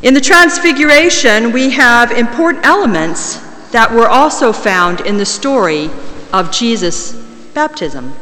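Woman preacher, bright voice, fairly high, measured sermon delivery, long church reverb. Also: lively intonation. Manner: measured, slows down to stress key words. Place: large church.

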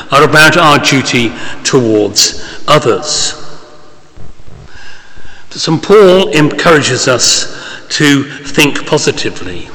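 A man gives a sermon in a church, talking through his points casually, with fillers and small asides. His voice sounds bright and forward. Long reverb from the large hall trails behind his words. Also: medium pitch. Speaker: preacher.

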